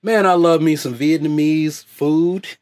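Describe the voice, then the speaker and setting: A man with a high, lively voice rants loudly and off the cuff as host of his own online channel. He swears freely and laughs often as he talks. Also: unhurried. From United States. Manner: loud, animated, laughs often. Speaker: YouTube host. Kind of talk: profane off-the-cuff rant.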